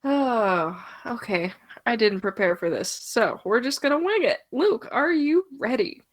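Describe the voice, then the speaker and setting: A woman with a fairly high voice co-hosts a fan podcast. She delivers her lines in a wry, joking manner in relaxed chat. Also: unhurried. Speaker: podcast co-host. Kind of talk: casual chat.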